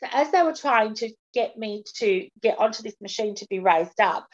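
A woman speaking frankly and earnestly as a podcast guest, her voice sitting at an ordinary middle pitch. The audio is dull and lo-fi, with the top end muffled. She talks in an open, unguarded way. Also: animated, moderate pace. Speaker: podcast guest, patient advocate. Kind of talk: candid personal interview.

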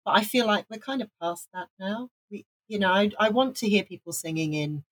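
A woman's voice: mid-range voice, lively intonation, fairly quick. A woman co-hosting a casual music chat, chatty and opinionated, correcting herself as she goes. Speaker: podcast co-host.

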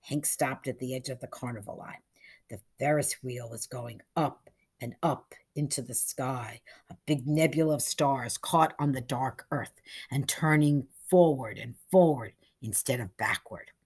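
A woman reading a short story aloud in a measured, hushed storytelling manner. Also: very deep voice, husky. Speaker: narrator.

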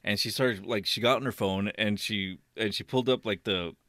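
A man's voice: on the low side, moderate pace, fairly bright tone, dry recording, clean studio sound. A man casually telling a rambling, amused story on a podcast, acting out what people said. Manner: rambling, amused, acts out quoted lines. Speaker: podcast co-host.

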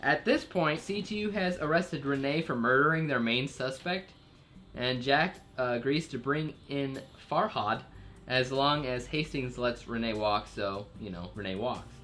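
A man's voice: mid-range voice, a little slow, pushed and bright, soft background music. A man casually recapping a TV episode's plot for a podcast, rambling with fillers and jokey asides. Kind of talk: casual chat.

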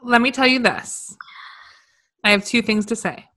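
A woman's voice: on the high side, moderate pace, bright, forceful tone. A woman co-hosting a casual chat, talking in a reassuring, conversational way. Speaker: podcast co-host.

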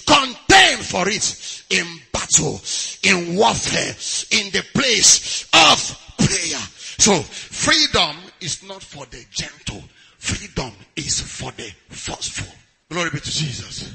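A man preaching a sermon, chanting and rising to shouts, then dropping to hushed asides. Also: high voice, big pitch swings, slow, gravelly.

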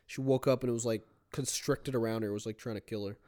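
Brief: young man, mid-pitched, easygoing slang, dry close mic. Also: fairly even intonation, fast, a little mellow, no room sound. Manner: easygoing, slangy, laughs often. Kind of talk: casual chat.

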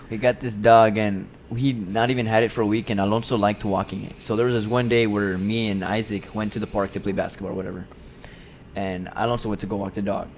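Low-voiced young man telling a story. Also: fairly quick, slight background noise. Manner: storytelling, gets loud and excited at the punchline. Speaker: podcast co-host. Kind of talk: casual chat.

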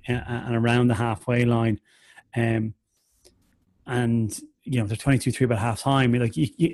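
A man talks through a rugby match slowly and thoughtfully, pausing often with fillers. His voice is mid-pitched and recorded close and dry. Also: darkish tone, no room sound. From Ireland. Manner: thoughtful, halting, many fillers. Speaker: guest analyst, former rugby player. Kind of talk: match analysis chat.

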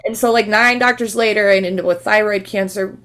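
A woman's voice: medium pitch, fairly even intonation, brisk, a bit bright. A woman chatting casually, filling her sentences with "like" as she talks. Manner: chatty, fills with "like" a lot. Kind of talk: casual conversation.

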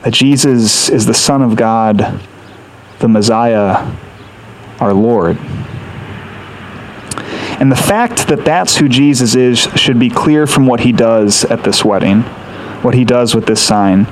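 A man's voice: mid-range voice, takes it slowly, long pauses, slight background noise, poor audio. A man preaching a sermon, explaining a scripture passage in an earnest, teaching way with rhetorical questions. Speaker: pastor.

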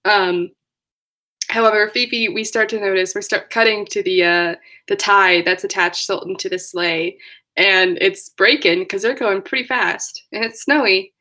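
A woman's voice: medium pitch, fairly even intonation, normal speed, pushed and bright. A woman chatting casually as a podcast co-host, recapping a movie plot and laughing often.

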